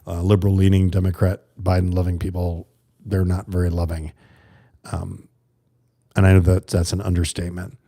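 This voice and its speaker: Casting: American man, livestream host, low mellow voice, rambling and chatty with viewers. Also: vocal fry. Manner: rambling, talks to viewers and reads chat. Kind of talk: casual livestream monologue.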